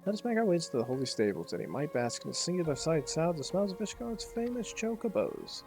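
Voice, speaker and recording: A man's voice: a little high, big pitch swings, a little fast, over music, voice pushed up. A man voicing a pompous aristocratic game character in a theatrical, put-on posh accent, reading the lines aloud over a game. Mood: grandiose.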